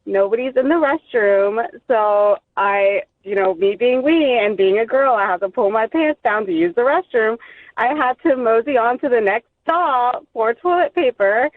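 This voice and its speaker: A woman's voice: a little high, normal speed, no room sound. A woman calling into a radio show, telling an embarrassing story animatedly and laughing through it. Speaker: radio caller. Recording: tinny phone line.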